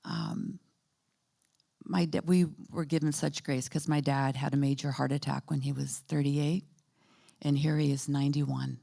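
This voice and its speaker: Low, gravelly-voiced woman sharing a testimony. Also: fairly even intonation. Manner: halting and soft-spoken, with many pauses and fillers. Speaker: church panel speaker. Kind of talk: personal testimony. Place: church.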